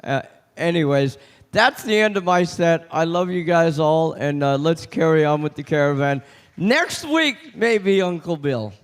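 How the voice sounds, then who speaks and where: A man's voice: on the high side, normal speed, clear, resonant tone. A man at an open mic doing a short comedy set, self-deprecating, chuckling and restarting his sentences as he goes. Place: outdoor stage.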